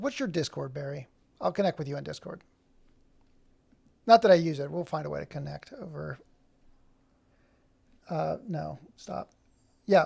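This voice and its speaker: A man's voice: fairly high pitch, vocal fry, a little mellow. A man hosting a casual livestream, rambling and often breaking off his own sentences. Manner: rambling, self-interrupting. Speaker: livestream host.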